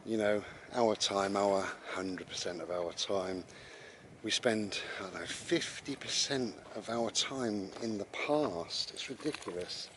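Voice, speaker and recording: A man's voice: fairly low pitch, measured pace, noisy background. A British man rambling conversationally about mindfulness, with frequent restarts, as he walks his dog outdoors. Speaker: vlogger. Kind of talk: casual spoken reflection on mindfulness.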